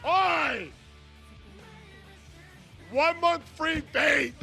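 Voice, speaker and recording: A man chatting on a live game stream, loud and hyped, often yelling catchphrases. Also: very high voice, very slow, gravelly, soft background music. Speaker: gaming streamer. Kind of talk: live gameplay stream chat.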